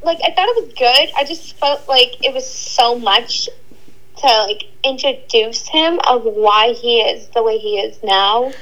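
A woman calling in as a podcast guest, speaking haltingly with many restarts and likes over a phone line. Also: on the high side, sharp tone. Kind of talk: casual chat. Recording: phone call with faint noise.

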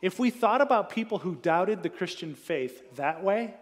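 A man preaching a sermon in a casual, conversational way, acting out quotes and rising to loud emphatic peaks. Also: high-pitched, expressive, normal speed, long reverb tail. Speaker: pastor.

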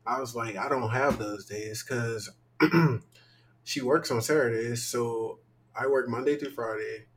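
A man's voice: mid-range voice, fairly even intonation, slow, slight background noise, rough recording. A young man co-hosting a casual podcast, sounding tired as he rambles candidly, with lots of fillers. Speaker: podcast co-host.

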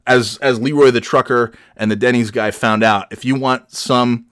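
A man's voice: mid-range voice, steady tone, normal speed, fairly bright tone, smooth, no echo. A young man hosting a podcast, telling rambling, profane stories with self-deprecating humor on a studio mic. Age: young adult. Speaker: podcast host. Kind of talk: casual storytelling.

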